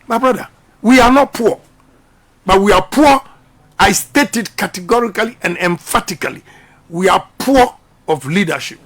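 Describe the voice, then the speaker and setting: High-voiced ghanaian guy on a radio talk show, emphatic, keeps repeating his lines like he's preaching. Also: animated, moderate pace, long pauses. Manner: repetitive, emphatic, preaching-style delivery. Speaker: politician. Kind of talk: impassioned radio interview.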